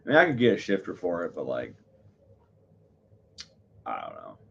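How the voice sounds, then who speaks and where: A man on a live stream, rambling through his thoughts with plenty of fillers and self-corrections. His voice sits on the low side, and the sound is a bit muffled and lo-fi. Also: wildly swooping pitch, moderate pace, vocal fry. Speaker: livestreamer. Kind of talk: casual live-stream chat.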